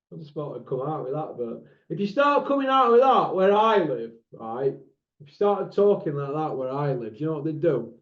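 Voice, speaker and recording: Speaking at normal speed in a slightly high, sing-song voice, a northern English man hosts his own channel with a blunt, combative, mocking rant to camera, captured in roomy, dull lo-fi sound.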